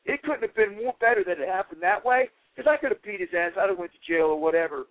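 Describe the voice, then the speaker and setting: A middle-aged man telling a story in a casual interview, animated and heated as he retells it. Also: sits high, fast, no room sound, low-quality recording. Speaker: interview guest.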